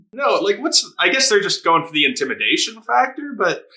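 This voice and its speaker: With a high, sing-song voice, a sharp tone and a moderate pace, this man hosts an anime reaction channel. He keeps things casual, laughs often, swears, and acts out what the characters say.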